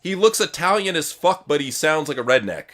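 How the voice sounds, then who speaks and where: Bright, excitable man calling wrestling. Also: on the high side, a little fast. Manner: profane, excitable play-by-play. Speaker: co-host. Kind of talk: live reaction commentary.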